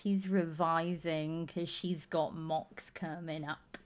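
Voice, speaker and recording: A woman's voice: sits low, fairly even intonation, takes it slowly. A woman co-hosting a casual chat, talking about her family in a chatty, self-mocking way. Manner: chatty, self-mocking, bursts into loud mock shouting. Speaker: podcast co-host, mother.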